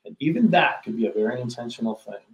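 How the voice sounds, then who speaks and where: An earnest man hosts a relaxed business conversation. His voice sits in an ordinary middle pitch, and he often restarts sentences with repeated words. The room around him has a noticeable echo. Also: quick pace. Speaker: podcast host. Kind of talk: casual business chat.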